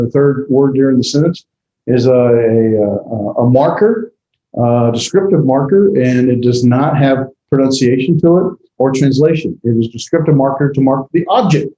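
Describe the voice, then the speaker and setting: A man's voice: medium pitch, dark tone, echoey room, highs cut off, slight background noise. A man teaching a class in a rambling way, with many fillers and restarts, tired after a long day. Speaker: instructor. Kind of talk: classroom lecture.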